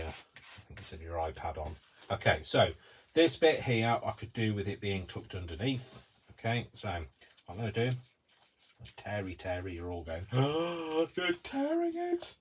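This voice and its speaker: A man with a low voice hosts a live-streamed craft tutorial, talking casually through each step with rambling, self-mocking asides. A little hiss or hum is audible.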